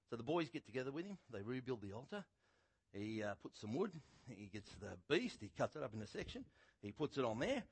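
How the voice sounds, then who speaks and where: A middle-aged man preaching a sermon, telling a Bible story in a conversational, animated way with a husky voice. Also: mid-range voice, a little fast. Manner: animated storytelling, acting out quotes loudly.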